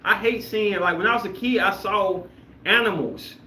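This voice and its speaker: A man's voice: high voice, moderate pace. Emphatic man in an echoey room. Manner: animated, emphatic, rambling. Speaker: podcast host. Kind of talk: casual chat reacting to viewer comments.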